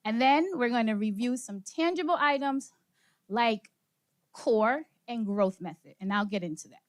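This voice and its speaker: An energetic woman leads a workshop session in a conference room, giving an interactive motivational talk to a live audience, asking them questions and laughing. Her voice is on the high side at a moderate pace, and she sounds slightly out of breath.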